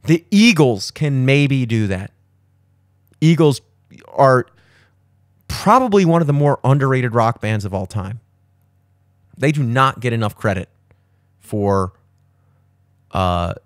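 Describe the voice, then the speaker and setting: A man's voice: a little slow, long pauses, no echo, studio quality. A man in his thirties, hosting a podcast in casual chat, with profane, opinionated rambling. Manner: profane, opinionated rambling with animated jumps in pitch. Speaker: podcast host. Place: studio.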